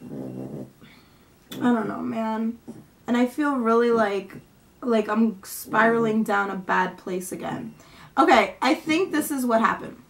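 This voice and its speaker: A woman's voice: on the high side, measured pace, creaky. A young woman vlogging at home, venting in a rambling, frustrated way and swearing casually.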